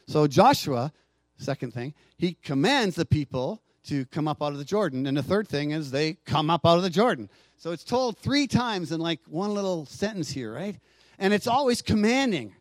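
A pastor delivering a sermon in a fairly high voice, swinging between hushed, intimate passages and loud, emphatic declarations. He calls out to his congregation for responses. The sound is dry, with no room reverb. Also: big pitch swings, normal speed.

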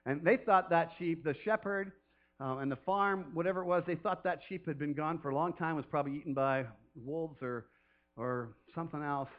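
A man's voice: fairly high pitch, normal speed, dull audio. A man preaching a sermon off the cuff as a pastor, chatty and rambling, who often laughs and throws in playful calls.

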